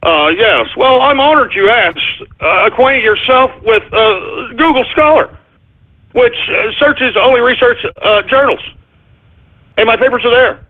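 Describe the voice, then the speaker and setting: A man's voice: extremely high pitch, expressive, measured pace. A man voicing a pompous, condescending male scientist in a sarcastic tone. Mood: smug. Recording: tinny phone-like lo-fi audio.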